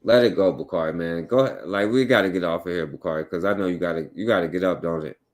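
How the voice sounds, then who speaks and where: A man's voice: low voice, fast talker. A man hosting a casual podcast chat, talking loosely and often repeating "you know what I'm saying". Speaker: host.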